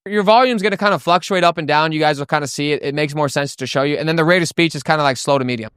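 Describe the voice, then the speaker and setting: A young man coaching sales tonality to camera, animated and acting out the tones he explains. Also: a little high, racing, hardly any pauses, clear, resonant tone, dry recording, clean studio sound. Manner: animated, demonstrates tones with his voice. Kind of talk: energetic teaching to camera.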